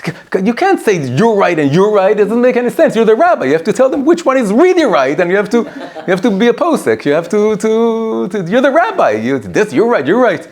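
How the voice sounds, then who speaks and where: A man's voice: sits high, big pitch swings, a little fast, few pauses, darkish tone, voice pushed up. A man voicing a rabbi's practical wife in a storytelling class, scolding her husband insistently. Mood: exasperated. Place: private home.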